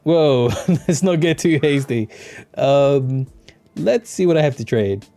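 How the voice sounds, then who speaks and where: A man's voice: mid-range voice, animated, slow pace. A man streaming a detective video game, joking and laughing often while playing. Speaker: gaming streamer. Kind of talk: let's play commentary. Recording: soft music behind.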